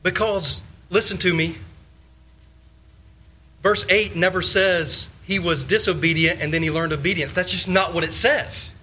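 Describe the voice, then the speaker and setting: A man's voice: sits high, steady tone, unhurried, pushed and bright, slightly rough, rough recording. A male pastor preaching a sermon, firing off rhetorical questions and repeating short phrases for emphasis. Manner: leans on short repeated exhortations.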